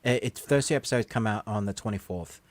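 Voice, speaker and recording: A man's voice: on the low side, fast talker, dry recording. A man co-hosting a movie podcast in casual chat, wry and teasing, laughing often. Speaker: podcast co-host.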